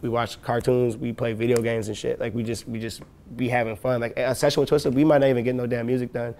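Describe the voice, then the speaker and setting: Late-20s man, quick delivery, casual interview talk with lots of "like" and laughs. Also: mid-range voice, level tone, a little mellow. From west side of Chicago. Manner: loose, profane, laughing often, full of "like" and "you know". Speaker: rapper and producer, interview guest.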